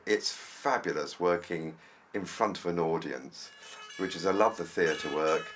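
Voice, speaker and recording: An older Englishman, a musician, telling rambling, chatty anecdotes in a documentary interview. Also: sits low. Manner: chatty, rambling storyteller who laughs easily. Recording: noisy ambient documentary recording.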